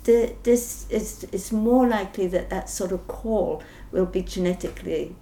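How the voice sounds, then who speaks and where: An older woman scientist answering interview questions thoughtfully, pausing often with ums and restarting sentences. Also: medium pitch, vocal fry, mellow. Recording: roomy echo, faint background noise.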